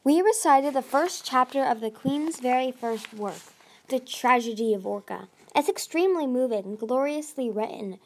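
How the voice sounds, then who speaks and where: A woman's voice: high-pitched, lively intonation, moderate pace, pitched above the performer's own voice. Woman reading as an oily pompous male dragon. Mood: smug. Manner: oily, officious. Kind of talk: audiobook reading.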